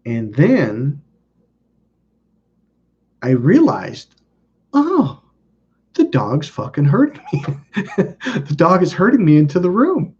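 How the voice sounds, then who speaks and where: A man telling a rambling personal story in casual talk, acting out the people in it with sudden excited exclamations. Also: takes it slowly, pauses often, slightly rough. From California. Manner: animated, acts out quotes with sudden high exclamations. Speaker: channel host. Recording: dull lo-fi audio.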